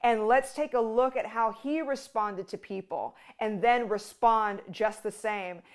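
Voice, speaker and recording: Woman minister, smooth clear voice, higher pitch, chatty teaching with quoted asides. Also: unhurried. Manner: conversational, full of "like" and restarts, acts out quotes. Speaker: ministry host. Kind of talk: casual devotional teaching.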